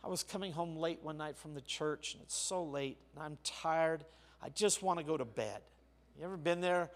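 An older male pastor preaching a sermon, telling a personal story with sharp shifts between quiet and loud. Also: fairly high pitch, normal speed. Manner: storytelling, with big swings of loudness.

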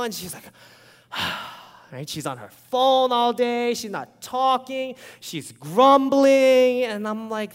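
A man preaching a sermon as a pastor, animated and conversational, often checking in with his listeners. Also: sits high, normal speed, big-room sound.

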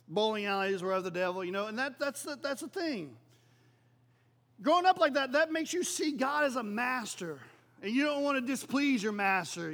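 High-voiced man preaching conversationally. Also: a bit bright. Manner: conversational preaching, frequent "right?" asides. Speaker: pastor. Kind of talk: sermon.

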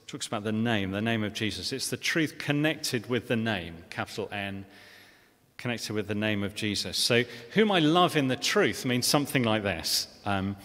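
A man's voice: medium pitch, fairly bright tone. Preacher man in an echoing church. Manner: earnest, with frequent restarts and rhetorical questions. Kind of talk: sermon. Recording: long reverb of a church hall.

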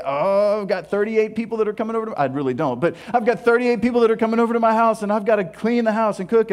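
A male pastor with a high-sitting voice preaches a sermon, telling stories animatedly and laughing at himself as he goes.

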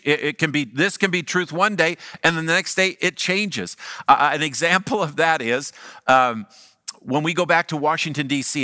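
A man's voice: on the high side, sharp tone, dry recording, clean studio sound. A middle-aged man preaching a sermon as pastor, emphatic and repeating his key lines.

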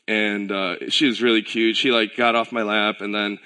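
A man delivers a relaxed, conversational sermon, as if he were chatting with friends. His voice is bright and forward. He tells stories animatedly and slips into the voices of the people he quotes. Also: lowish voice, normal speed, clean tone. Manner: relaxed storytelling with filler words and self-corrections. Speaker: pastor.

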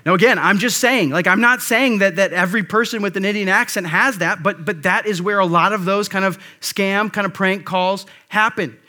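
A man's voice: high voice, moderate pace, hardly any pauses, pushed and bright. A male pastor delivering a conversational sermon, with frequent asides and restarts.

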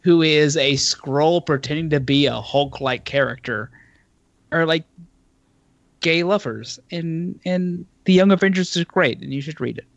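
Slightly high-voiced guy a bit drunk, rambling and stuttering on a podcast, dull dry sound. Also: unhurried, vocal fry, no room sound. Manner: rambling, stammering, tipsy. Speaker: podcast co-host. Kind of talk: casual chat.

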